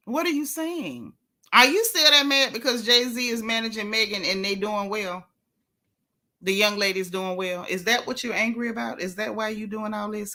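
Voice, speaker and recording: A woman's voice: on the high side, bright, forceful tone. A woman hosting a gossip vlog in casual commentary, sassy and scolding, firing off rhetorical questions.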